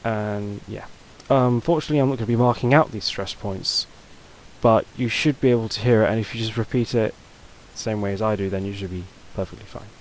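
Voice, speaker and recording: A man's voice: on the low side, brisk, a little hiss or hum, low-quality recording. A man teaching a casual video lesson, talking loosely with fillers and restarts. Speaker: language teacher.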